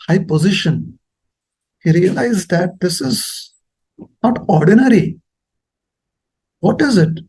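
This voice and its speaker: Guy telling a story in a sermon, husky voice, lively. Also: sits high. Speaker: speaker at a temple talk.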